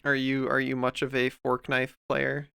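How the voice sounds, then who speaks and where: A man's voice: mid-range voice, monotone, moderate pace, vocal fry, bright, forceful tone, smooth, no echo. A man streamer chatting casually while he draws, rambling and heartfelt, full of fillers and restarts, close to the mic at home. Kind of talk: casual livestream chat while drawing.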